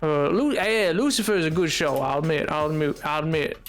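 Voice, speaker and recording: A man's voice: on the high side, a little fast, soft background music. A man chatting casually on a live gaming stream, rambling with frequent restarts and reading his chat aloud.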